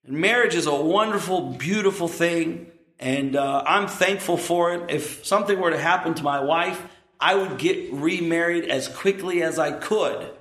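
A man's voice: fairly high pitch, moderate pace, a bit bright. Man preaching in an echoey room. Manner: earnest, emphatic preaching with asides. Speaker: pastor. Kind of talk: sermon.

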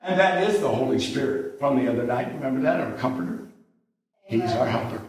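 A man's voice: medium pitch, animated, a little fast, a little mellow, roomy sound. A man preaching a sermon in a conversational, emphatic way, now and then raising his voice. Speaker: pastor.

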